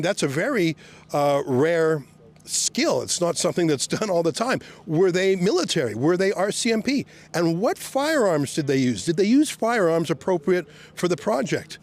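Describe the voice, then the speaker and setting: A man reporting on location outdoors, sarcastically shouting questions at police officers. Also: high-pitched. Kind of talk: on-the-scene questioning.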